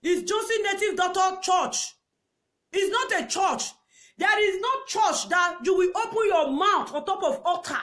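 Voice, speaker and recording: A woman with a Nigerian accent delivers a heated rant in a very high voice. She scolds, repeats her points over and over, and breaks into shouts and laughter. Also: unhurried. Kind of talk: angry ranting commentary.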